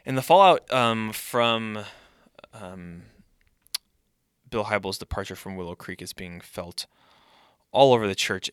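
A man's voice: fairly low pitch, fairly bright tone, clean tone, no room sound, clean studio sound. A man who is a pastor and podcast host, speaking in a conversational podcast monologue and thinking aloud.

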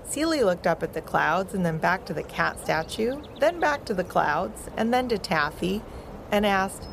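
A woman co-hosting a podcast, narrating a children's story in a slow, expressive and playful way. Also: mid-range voice, vocal fry, a little hiss or hum. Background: music.

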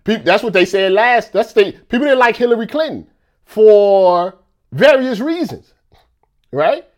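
A man's voice: high-pitched, lively intonation, measured pace. A man talking in a casual rant, repeating himself and firing off rhetorical questions.

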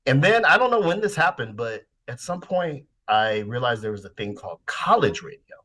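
A man in his forties from the Bay Area, reminiscing in casual podcast chat, relaxed and swearing now and then. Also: mid-range voice, normal speed. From San Francisco Bay Area. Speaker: podcast host.

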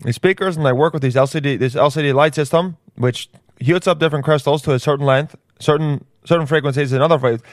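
A man's voice: on the high side, fast talker, few pauses, no echo, studio quality, close to an everyday voice. A man doing an impression of a know-it-all male tech billionaire who over-explains simple things and slips between accents. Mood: lecturing. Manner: lecturing, drifts into other accents. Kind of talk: comedic impression.

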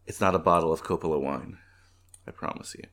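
A man with a lowish voice co-hosts a casual podcast from home. He talks in a relaxed, easygoing way and laughs often. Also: fast talker. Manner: laid-back, laughs often, does mock accents in quotes. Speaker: podcast co-host. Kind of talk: casual chat.

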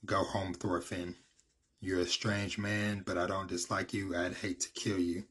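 A cold, scheming young emperor speaks in a deep, flat voice with a husky edge, as a man reads his lines aloud. He sounds calm and proud, with barely any rise or fall in pitch. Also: unhurried, heavily acted.

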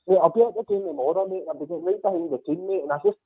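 A fast-talking man rings in over a tinny phone line, his voice gravelly and husky. He talks casually about football and drops "mate" into nearly every sentence. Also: sits high, sing-song, no room sound. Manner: chatty, says "mate" constantly. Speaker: phone-in caller.

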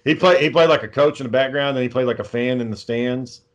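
A man's voice: mid-range voice, fast talker. A man, telling rambling, profane stories in a casual chat. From Texas. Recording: dull lo-fi sound.

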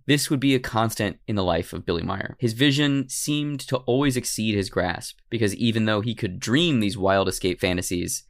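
A man's voice: on the low side, fairly bright tone. A man hosting a podcast, telling a story in a casual, joking way. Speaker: podcast host. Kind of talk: comedic storytelling chat.

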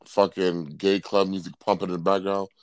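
A man's voice: low voice, level tone, a little fast, dry recording. A man co-hosting an uncensored podcast, laid-back and laughing as he tells stories. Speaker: podcast co-host. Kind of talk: casual uncensored podcast banter.

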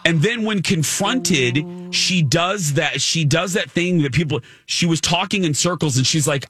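A man's voice: a little slow, hardly any pauses, husky, dry recording, studio quality. A man co-hosting a casual chat, retelling scenes and acting out quotes with big jumps in his voice. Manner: animated, acts out quotes with big pitch jumps. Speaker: co-host. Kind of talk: casual gossip chat about reality TV.

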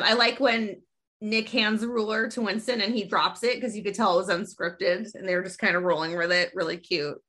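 A woman hosting a casual podcast chat, retelling a sitcom episode in a lively storytelling way with quick asides. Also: medium pitch. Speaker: podcast host.

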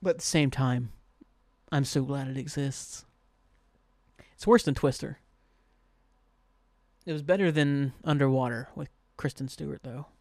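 A man from Southern Ohio hosts a solo podcast from his home desk, rambling through casual chat full of "like" and easy swearing. His mid-range voice is a little slow and a little mellow, with long pauses and no echo.

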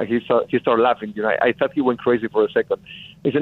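A man's voice: mid-range voice, fairly even intonation, fast talker, dry recording. A man with a Mexican accent, a film producer talking earnestly and effusively as a guest in an interview, often repeating himself. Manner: earnest, effusive, repeats phrases, calls the host brother. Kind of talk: casual interview. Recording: tinny phone line.

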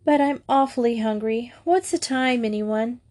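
A woman reading the part of a lively, cheeky schoolgirl with a bright, breezy way of talking. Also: on the high side, normal speed, voice pushed up, natural voice.

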